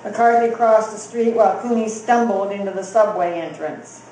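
A woman comedian telling jokes slowly and deliberately to a live audience, pausing for laughs. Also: medium pitch, a little mellow, very echoey, slight background noise, low-quality recording. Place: coffee house.

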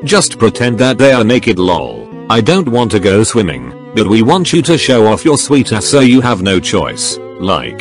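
A man's voice: fairly low pitch, sing-song, moderate pace, few pauses, faint music behind. A male text-to-speech voice reading a chat story, doing every character in the same voice and spelling out text slang.

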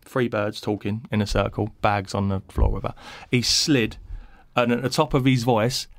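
Male podcast guest, deep and rough-edged, animated yarn-teller who voices his characters. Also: normal speed, dry recording. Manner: animated storyteller, acts out quotes, laughs mid-story. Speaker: podcast guest, former footballer. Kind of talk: casual anecdote telling. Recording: dry close mic in small studio.

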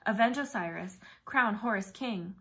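A woman's voice: medium pitch, normal speed, sharp tone. A woman reading a storybook aloud and voicing a worried goddess who pleads urgently.

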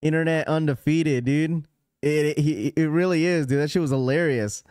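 A man's voice: a little high, moderate pace, darkish tone, clean tone, no room sound, studio quality. A man hosting a live stream, talking casually and rambling to his chat. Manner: rambling, chatty, talks straight to chat. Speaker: livestream host.

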